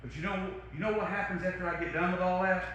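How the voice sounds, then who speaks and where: A man preaching a sermon as pastor, talking conversationally with big swings from loud to soft. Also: steady tone, fast talker, heavy reverb, dull audio, a little hiss or hum. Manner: conversational preaching with wide swings in loudness and pitch. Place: church sanctuary.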